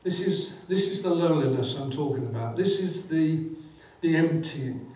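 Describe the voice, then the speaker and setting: A man's voice: on the high side, lively intonation, moderate pace, a little mellow. A man preaching a sermon, fervent and quoting scripture with rising emphasis. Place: church hall. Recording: echoey church hall, mic at a distance.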